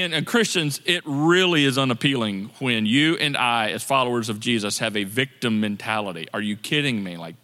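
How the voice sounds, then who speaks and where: A man's voice: mid-range voice, brisk, few pauses, pushed and bright. A man preaching a sermon as pastor, talking to the congregation in a conversational way and repeating words for emphasis. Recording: long reverb of a large hall.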